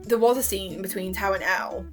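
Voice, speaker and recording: A woman's voice: mid-range voice, fairly quick, soft background music. A young woman gushing about a TV series in casual chat, giggling and acting out scenes. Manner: giggly, gushing, acts out scenes in quoted voices. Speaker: YouTuber reviewing a TV series.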